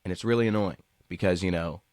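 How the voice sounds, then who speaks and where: A young man telling anecdotes in a casual podcast chat, voicing the people he quotes in high tones. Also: fast, darkish tone, dry recording, clean studio sound.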